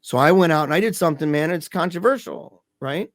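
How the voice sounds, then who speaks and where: A man's voice: on the high side, expressive, brisk, dry recording, studio quality. A man telling a painful family story in casual talk as a podcast guest, emphatic and peppered with dude and man. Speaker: podcast guest, grieving father. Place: lives in Michigan.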